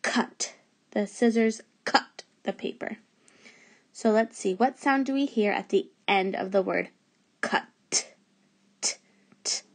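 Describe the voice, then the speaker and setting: Slow, patient woman teacher sounding out letters. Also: mid-range voice. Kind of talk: remote phonics lesson for young children.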